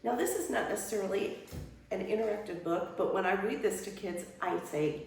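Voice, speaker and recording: With a medium-pitched, gravelly voice at a fairly quick pace, a retired children's librarian, an older woman, shows a workshop how to read aloud to children using an animated storytime voice, big swoops, and playful exclamations. The echoey recording places her far off, with a little hiss or hum.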